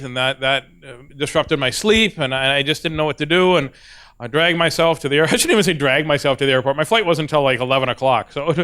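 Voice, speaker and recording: Self-mocking comedian man, smooth voice. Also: a little high, fairly bright tone. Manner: self-deprecating, acts out dialogue, laughs at own jokes. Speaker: stand-up comedian. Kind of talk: stand-up storytelling. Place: stage before a live audience.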